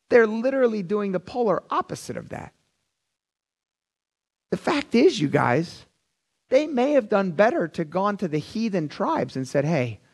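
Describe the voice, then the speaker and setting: A middle-aged man preaching a conversational, animated sermon, often calling the audience "you guys". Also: high voice, creaky, slightly rough. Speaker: pastor.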